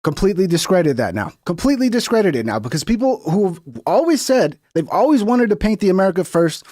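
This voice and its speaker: A man's voice: sits high, big pitch swings, quick pace, a little mellow, no echo, clean studio sound. Fired-up sarcastic man ranting. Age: 30s or older. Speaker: reaction show host. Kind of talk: profane political reaction commentary.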